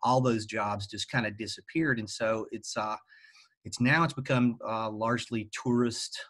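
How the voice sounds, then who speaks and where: A man with a Southern Appalachian accent answering interview questions at a halting pace, with lots of fillers. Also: fairly low pitch, steady tone, fairly bright tone. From western North Carolina. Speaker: guest, teacher.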